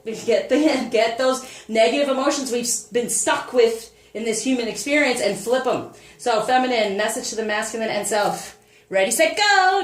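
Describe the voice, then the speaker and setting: A woman giving a casual spoken tarot reading as a spiritual coach, upbeat and encouraging. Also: on the high side. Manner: upbeat, encouraging, animated with laughs and quoted asides. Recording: echoey room, voice a bit far from the mic, faint noise.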